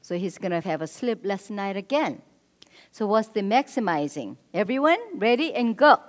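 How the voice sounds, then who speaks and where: A woman's voice: medium pitch, animated, normal speed. A woman giving a marriage seminar talk in church, instructive, often checking in with the audience with "right?". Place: church hall. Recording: echoey hall.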